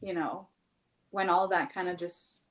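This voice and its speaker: A woman's voice: lowish voice, fairly even intonation, unhurried, noisy background. A woman in her thirties in a casual podcast chat, talking candidly and at length, full of "like" and the odd swear word. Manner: candid, rambling, heavy use of "like", swears freely.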